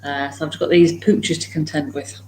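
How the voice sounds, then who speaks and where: A woman's voice: low voice, fairly even intonation, a little fast, dark tone, slight background noise. A woman chatting casually at home on a morning livestream, greeting viewers by name, laughing often and talking to her dogs. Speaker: livestream host.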